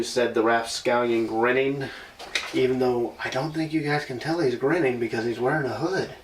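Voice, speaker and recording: A man reads a children's storybook aloud in an old house and breaks off now and then for playful asides to his listeners. His voice has an ordinary middle pitch. The sound is roomy and comes from some distance away from the microphone. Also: fairly even intonation, moderate pace. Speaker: paranormal investigator.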